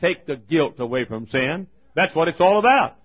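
A man preaching a fiery sermon as pastor, folksy and rising to thundering shouts. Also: a little high, lively intonation, moderate pace. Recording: lo-fi recording.

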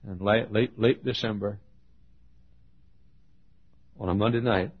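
An older man, a pastor, preaching a sermon with a loud voice and lively storytelling. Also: fairly low pitch, unhurried, slightly rough. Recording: dull lo-fi sermon recording.

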